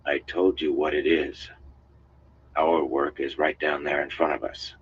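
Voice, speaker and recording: A narrator doing a grim, muttering young leader. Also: male voice, very deep voice, little pitch movement, measured pace, highs cut off, slight background noise. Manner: thick, muttering.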